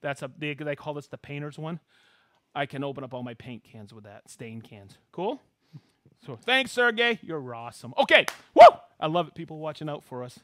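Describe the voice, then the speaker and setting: Male live-stream host, excitable chatter, very animated high voice, dry close sound. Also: moderate pace, dry recording. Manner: excitable, whoops while reading out viewer locations. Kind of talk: casual live-stream chat.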